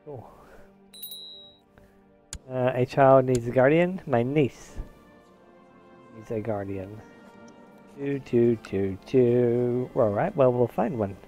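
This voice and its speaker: Over faint background music, a man with an expressive mid-range voice narrates his gameplay slowly, leaving long pauses. His voice is mellow, and the highs are cut off. He's half-distracted and musing, sometimes breaking into a mock posh old-English put-on.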